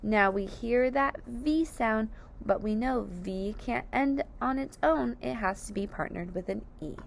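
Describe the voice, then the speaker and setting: A woman's voice: a little high, measured pace, vocal fry. A woman teaching a phonics lesson, sounding out each word syllable by syllable with careful, over-enunciated speech. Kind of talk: slow, deliberate phonics lesson.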